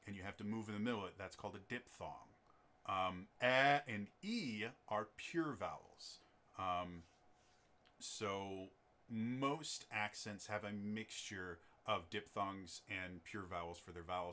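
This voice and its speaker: A man's voice: lowish voice, sharp tone. A man running his own tabletop campaign on a stream, chatting in a rambling way with many ums and restarts. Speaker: game master and streamer. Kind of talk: casual chat on a stream.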